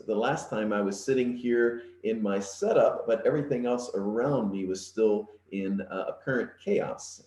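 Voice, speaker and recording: A middle-aged man, an interim minister, giving a gentle, reflective online sermon from his home, with frequent pauses and fillers. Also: on the low side, reverberant. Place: home setup.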